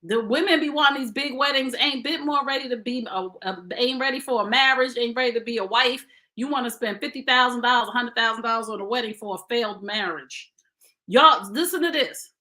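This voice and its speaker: A woman's voice: on the high side, a little fast, pushed and bright. A woman in her fifties giving blunt, preachy relationship advice in a casual live stream, speaking straight to her viewers. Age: 50s.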